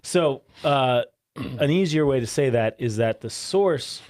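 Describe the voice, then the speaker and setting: A man's voice: mid-range voice, lively intonation, slow pace, darkish tone, dry recording, studio quality. A man co-hosting a Christian talk show, joking lightly and restating ideas simply with repetition. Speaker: co-host.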